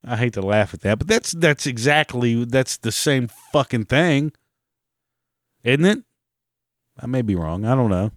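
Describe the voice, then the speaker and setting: A man's voice: medium pitch, animated, measured pace, pauses often, no room sound, clean studio sound. Sarcastic, cursing man in his forties. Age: 40s. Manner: sarcastic, profane, mocking. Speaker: podcast host. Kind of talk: casual ranting monologue.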